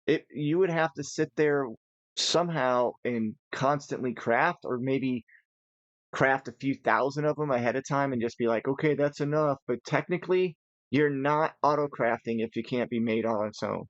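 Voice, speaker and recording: A man's voice: mid-range voice, moderate pace, dry recording, highs cut off. A tired man giving casual, rambling commentary while playing a modded building game, thinking aloud as he goes. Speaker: gaming channel host.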